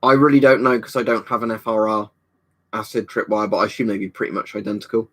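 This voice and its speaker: A man with a lowish voice talks fast in a flat, even way. He's hosting a relaxed livestream from a storage room in his home, rambling comfortably as he reads viewers' comments aloud and replies to them.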